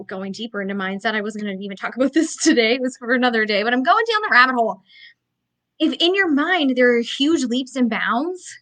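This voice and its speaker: A woman's voice: on the high side, fairly bright tone. A woman business coach giving a blunt, emphatic motivational talk in a conversational way, full of fillers.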